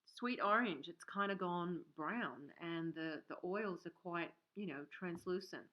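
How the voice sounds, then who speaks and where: Speaking at a measured pace in a lowish, fairly bright voice, a soap maker runs a casual livestream from her home workshop. She chats ramblingly, leans on fillers, and reads out viewer comments, and the stream sound is dull and lo-fi.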